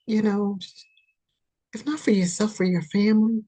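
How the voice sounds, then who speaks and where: A woman hosting a spiritual podcast, giving an impassioned reading that pleads and repeats itself, swinging from loud urging to soft near-whispers. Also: medium pitch, steady tone, normal speed, breathy edge. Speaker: podcast host, spiritual reader.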